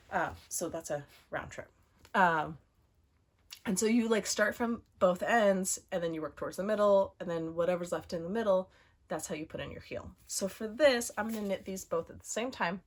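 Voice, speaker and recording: A woman hosting a knitting podcast, chatting casually and showing off yarn, with lots of fillers and asides. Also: lowish voice. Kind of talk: casual show-and-tell chat.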